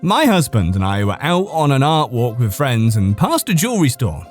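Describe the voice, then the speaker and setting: Lively, animated male podcast narrator. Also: mid-range voice, normal speed, few pauses, faint music behind. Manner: reads casually, breaks into laughter and stumbles over words. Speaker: podcast host reading stories. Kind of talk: casual read-aloud narration of online posts.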